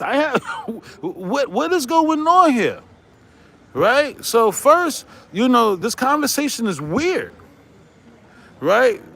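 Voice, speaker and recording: A high-voiced man rants at his audience, swearing freely and pushing back at his critics. He keeps tossing in "right?" and breaks off into laughter along the way. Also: fairly bright tone. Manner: profane, combative, repeats "right?"; laughs often while ranting. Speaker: YouTube host. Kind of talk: heated vlog rant.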